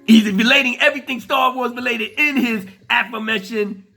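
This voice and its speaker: Male vlogger, very high, husky, animated voice, profane rant full of mocking laughs. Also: a little fast, soft background music. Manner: laughs often, mocking, stammers on restarts. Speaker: commentary vlogger.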